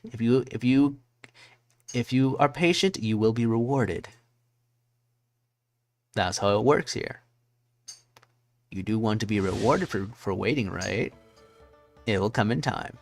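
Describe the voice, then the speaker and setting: Chatty man streaming a game. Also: on the low side. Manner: chatty, muttering to himself while searching menus. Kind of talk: casual gameplay chat.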